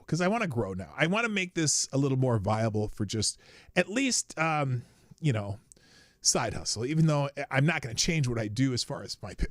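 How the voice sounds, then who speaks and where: Rambling, animated male livestream host. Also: mid-range voice, dry recording, studio quality. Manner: rambling, frequent restarts, bursts of shouting. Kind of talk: casual solo livestream talk. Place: small home studio.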